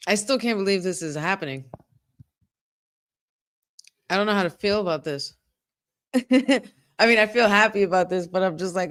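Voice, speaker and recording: A woman hosting a live watch-along stream, reacting excitedly to the action and talking to her viewers. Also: medium pitch, moderate pace, long pauses.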